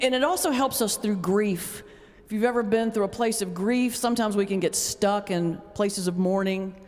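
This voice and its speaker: A woman pastor giving a humorous talk, telling stories in an animated way with sudden jumps in pitch. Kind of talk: humorous lecture storytelling. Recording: long reverb of a large hall.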